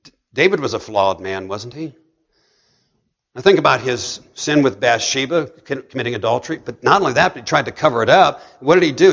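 A man delivers a sermon at a mid pitch, dropping to a hush and then building to emphatic peaks. The recording is dull and lo-fi. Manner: dynamic, swings between hushed and emphatic. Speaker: preacher.

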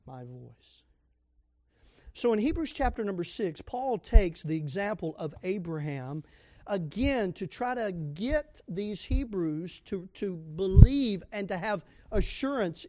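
A man with a high voice preaches a sermon, reading scripture aloud and putting questions to the congregation. He pushes into sudden loud emphasis, and the sound is dry and close. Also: no echo. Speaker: pastor.

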